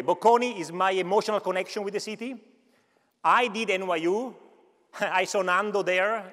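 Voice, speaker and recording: A man's voice: high voice, a bit bright. A man in his fifties from Italy's Veneto region with a Veneto Italian accent, giving a chatty conference keynote with joking asides to the audience. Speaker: alumni keynote speaker. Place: large university auditorium. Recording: echoey lecture hall.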